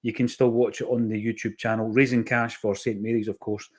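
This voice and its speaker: A man hosts a podcast, chatting enthusiastically as he links topics together in a casual conversation. His voice is on the low side, with a flat delivery and a fairly quick pace.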